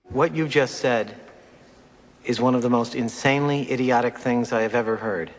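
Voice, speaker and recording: A man's voice: medium pitch, close to an everyday voice. A man playing a stern, scornful moderator in a reverberant hall. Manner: withering, measured contempt. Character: stern male moderator scolding a student. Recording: long hall reverb from a film clip.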